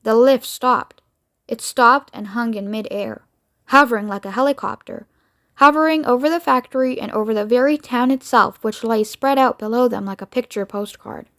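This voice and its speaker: A woman narrating a children's book as a read-aloud, in a steady, even reading voice. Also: fairly high pitch, normal speed. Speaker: reader.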